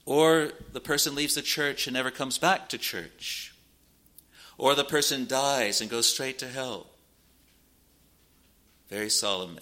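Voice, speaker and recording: A man's voice: medium pitch, a little slow, pauses often, pushed and bright. A man preaching a sermon in a solemn, earnest manner, quoting scripture in old-fashioned wording. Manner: solemn, rising to urgent warnings.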